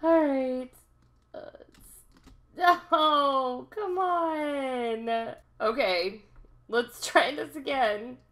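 A young woman hosting a gaming channel, giving excitable let's-play commentary, talking to herself and laughing often. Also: high-pitched, extremely slow, pauses often.

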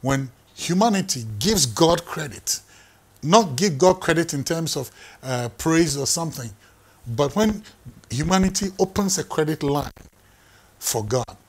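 A man delivers a sermon with a husky, slightly raised voice. He preaches emphatically, circling back on his phrases and stacking them for weight. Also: fairly high pitch, expressive, unhurried. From Ghana. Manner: emphatic, repeats phrases for effect. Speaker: pastor.

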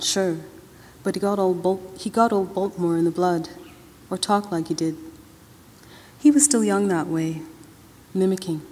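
A woman author with a mid-range, dark, slightly rough voice reads her novel aloud at an awards ceremony, her first-person narration loose and drawling. The podium microphone picks her up in a large, long-reverb hall.

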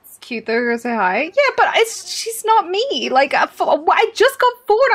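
A young Australian woman chatting over a game as a streamer, excitable, swearing freely and laughing often. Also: extremely high pitch, unhurried, few pauses. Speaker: gaming streamer. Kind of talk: casual game commentary.

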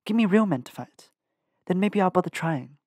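A man reading a fierce young female assassin in an audiobook, talking in a sharp, defiant, spiteful way. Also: high-pitched, expressive, normal speed, no echo, studio quality, pitched above the performer's own voice.

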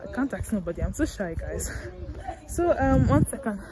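Her voice is medium-pitched and animated, delivered at a moderate pace over a very noisy background. She's a young woman walking an outdoor university campus, vlogging to viewers via a handheld phone in a chatty, self-deprecating, casual way.

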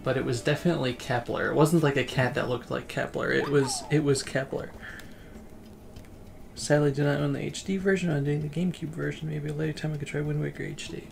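Gravelly man chatting on a relaxed stream. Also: on the high side, brisk, background noise. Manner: relaxed, rambling, reads chat aloud. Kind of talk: casual game livestream chat.

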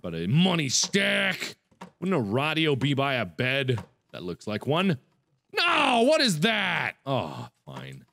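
A young man giving let's-play game commentary, swinging from muttered asides to panicked yelling. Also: medium pitch, huge pitch swings, slow, creaky, slight background noise. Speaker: gaming video host.

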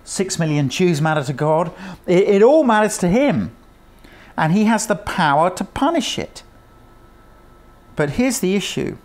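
A man's voice: sits high, sing-song, measured pace, long pauses, a little mellow. A man preaching a sermon in an earnest, emphatic way, asking his listeners rhetorical questions.

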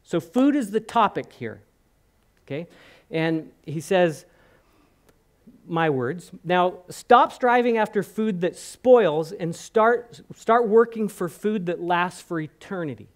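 A man's voice: high voice, takes it slowly. A man preaching a sermon in a church, retelling scenes with chatty asides and acted-out quotes. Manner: animated storytelling, voicing the crowd and speaking in asides. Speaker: pastor.

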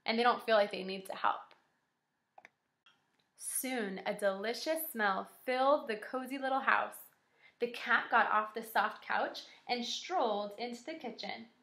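Bright-voiced kindergarten teacher reading aloud. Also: female voice, on the high side, unhurried. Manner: clear, encouraging, and explains step by step. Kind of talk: read-aloud lesson for young children.

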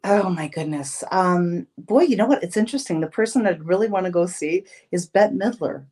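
A woman in her fifties, a podcast guest, telling personal stories in casual, expressive conversation. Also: lowish voice, moderate pace. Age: 50s. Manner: storytelling, expressive, with restarts. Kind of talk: casual interview chat.

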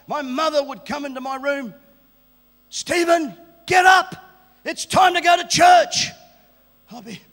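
High-voiced shouting preacher in a reverberant hall. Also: male voice. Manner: exuberant, shouting and joking with the crowd. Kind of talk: sermon. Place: church service.

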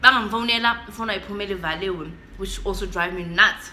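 This is a young woman with a South African accent, talking casually to her camera at home. Her voice sounds bright and forward. She tells a story in an animated way, slipping between English and isiXhosa, while a faint background hum sits under the recording. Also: fairly low pitch, brisk, few pauses, roomy sound. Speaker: vlogger.

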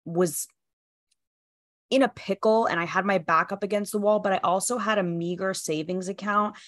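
A woman's voice: mid-range voice, fairly even intonation, normal speed, fairly bright tone, dry recording, studio quality. A woman hosting a podcast in casual interview chat, candid and emphatic, with many "like" fillers. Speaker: podcast host.

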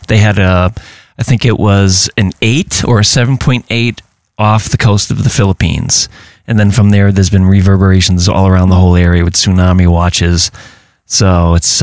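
A man's voice: sits low, dry recording, studio quality. A man co-hosting a casual podcast, talking in an easygoing, chatty way with lots of fillers. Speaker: podcast co-host. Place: home podcast setup in New Hampshire.

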